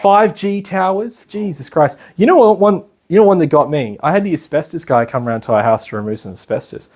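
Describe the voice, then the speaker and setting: An Australian man giving a casual lecture, chatty and animated, with many fillers. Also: fairly high pitch, fairly quick. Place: class in a meeting room.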